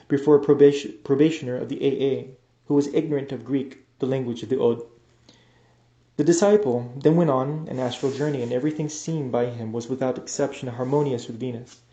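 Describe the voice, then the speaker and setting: A man reading an esoteric book aloud as an audiobook, measured and deliberate, now and then stumbling and restarting a word. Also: medium pitch, warm tone. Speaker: audiobook reader. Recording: roomy, echoey room sound.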